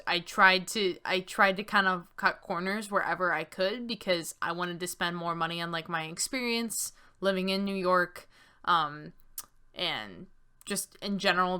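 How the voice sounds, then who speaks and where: A woman's voice: fairly low pitch, bright, forceful tone, clean tone. A young woman chatting casually while playing a text game and reading its story aloud, laughing easily and using lots of fillers. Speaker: game streamer. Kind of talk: casual let's-play chat and reading aloud.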